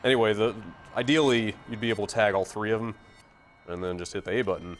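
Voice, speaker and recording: A man with a fairly low voice talks through a game as he plays it. His commentary is loose and rambling, with a self-deprecating edge. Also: steady tone, fast talker, a little hiss or hum. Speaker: video game host. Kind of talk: casual gameplay commentary.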